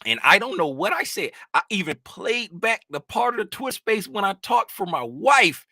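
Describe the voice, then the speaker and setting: A man hosting a casual trading livestream from his home desk, rambling and animated, getting loud when he is fired up. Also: high-pitched, normal speed.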